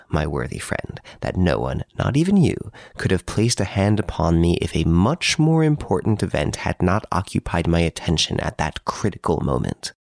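A man doing a smug, teasing gentleman thief. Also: sits low, gravelly, no echo, studio quality, exaggerated voice. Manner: urbane, teasing, playfully boastful. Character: suave, mocking gentleman thief in prison, male.

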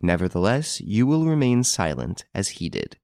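A man reading the lines of a calm, composed gentleman who quietly takes charge, with a gentle, insinuating manner. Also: lowish voice, moderate pace, no room sound, studio quality. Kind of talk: audiobook character reading.

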